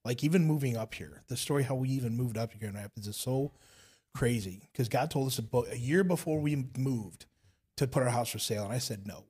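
Husky man telling a faith story. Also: medium pitch, a little fast. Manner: animated storyteller who acts out quoted voices. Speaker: church panel member. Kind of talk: casual faith discussion.

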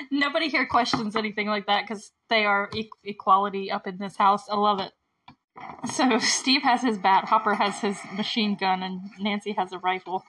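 A woman's voice: medium pitch, a bit bright, low-quality recording. Woman podcast host, casual recap chat, giggly and chatty. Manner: giggly, chatty, retells scenes with quick quotes.

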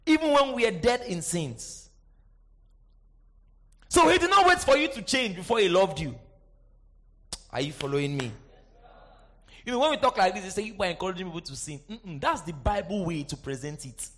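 A man preaching a sermon, swinging from shouted emphasis to quiet asides and often asking the congregation if they are with him. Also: sits high, big pitch swings, a little fast. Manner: asks the congregation for response, sing-song emphasis.

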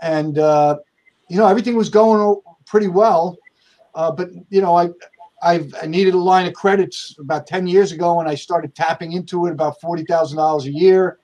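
A man with a somewhat high voice tells stories from his own career as an interview guest. He speaks conversationally, restarting sentences often and acting out what other people said. He is from the United States. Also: fairly even intonation, moderate pace, a little mellow, muffled recording. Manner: conversational, many restarts, acts out quoted dialogue. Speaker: accountant and firm owner, guest. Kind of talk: storytelling interview answers.

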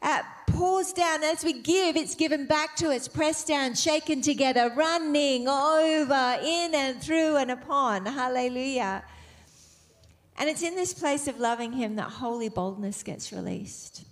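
A woman preaching a sermon with fervent delivery, slowing and softening on key phrases, then building to emphatic exclamations. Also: sits high.

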